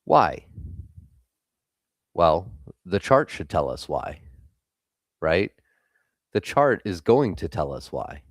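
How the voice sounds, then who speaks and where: Young guy with a super deep voice, blunt and sweary, talking markets on stream, dry sound. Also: very animated, slow, pauses often, husky, no echo. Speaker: live trading stream host. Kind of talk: casual live-stream market commentary.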